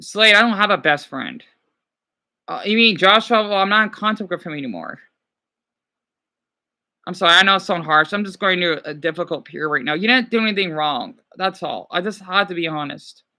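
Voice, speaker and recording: Male livestreamer, high voice, piercing bright tone, rambling, swearing, apologetic, chatting to viewers. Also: fairly quick. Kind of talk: casual livestream chat, reading viewer comments.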